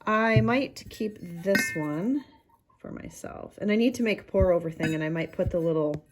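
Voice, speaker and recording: A woman's voice: fairly low pitch, normal speed, noisy background. A woman who runs a small pottery and candle business, chatting casually on her vlog and telling a candid, rambling story with crude humor.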